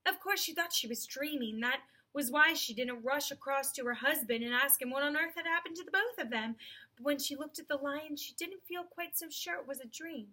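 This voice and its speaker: A woman's voice: high voice, brisk, pushed and bright. A woman reading a novel aloud in an unpolished way, calling out page numbers as she goes. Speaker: audiobook reader.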